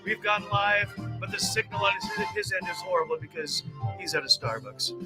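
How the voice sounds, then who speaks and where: A man's voice: sits high, lively intonation, moderate pace, music in the background. A man co-hosting a live stream show, talking in an upbeat, playful and chatty way.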